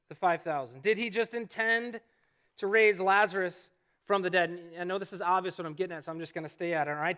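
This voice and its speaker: A middle-aged man preaching a sermon from the stage of a church sanctuary, with a fairly high voice and a bright, forceful tone. He talks in a relaxed, conversational way, pokes fun at himself and keeps asking the congregation rhetorical questions. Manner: conversational, self-deprecating storytelling with rhetorical questions. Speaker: pastor.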